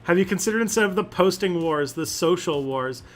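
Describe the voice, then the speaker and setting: A man's voice: high voice, lively intonation, brisk, soft background music. A man hosting a casual livestream and answering chat questions, rambling with lots of fillers and restarts.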